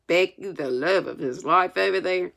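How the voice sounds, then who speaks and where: A woman's voice: lowish voice, unhurried, vocal fry, a bit bright. An older woman reading a classic novel aloud, adding homespun, chatty asides. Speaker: storyteller.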